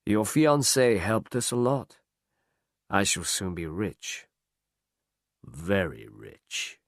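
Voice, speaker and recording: A man's voice: on the low side, very animated, slow, vocal fry, dry recording, clean studio sound, exaggerated voice. A man voicing a cold smuggler boss. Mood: gloating. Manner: cold, threatening. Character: ruthless male drug smuggler boss.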